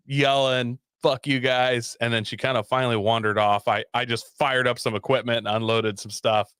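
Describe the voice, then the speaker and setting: A man casually telling a story on a talk show, animated and profane, laughing often. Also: mid-range voice, clean tone, no room sound, clean studio sound. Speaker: podcast guest telling a story.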